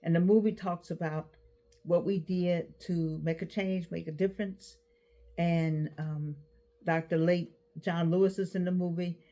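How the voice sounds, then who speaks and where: A woman in her eighties talking casually to camera, giving advice with animated repeats and restarts. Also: fairly low pitch, a little slow. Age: 80s. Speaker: vlogger.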